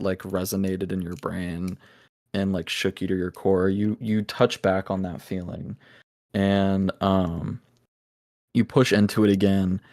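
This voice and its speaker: Man, game master, tabletop narration, very deep voice, unhurried, lots of fillers. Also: a little mellow. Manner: halting, searching for words with many fillers.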